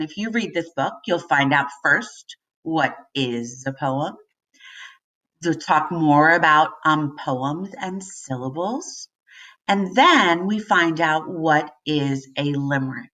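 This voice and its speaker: A woman teacher reading a children's book aloud to young students and asking the class questions in a gentle, sing-song way. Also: fairly low pitch. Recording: distant mic.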